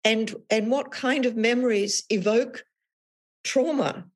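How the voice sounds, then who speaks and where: A woman author as an interview guest, talking thoughtfully about her experiences in a measured, reflective way. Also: a little high. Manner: thoughtful, measured, with frequent restarts. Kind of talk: reflective podcast conversation.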